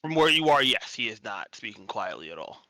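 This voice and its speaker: A man's voice: lowish voice, very animated, brisk, sharp tone, dry recording, rough recording. A man narrating as game master in a tabletop game stream, casual and rambling. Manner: rambling, casual, self-correcting.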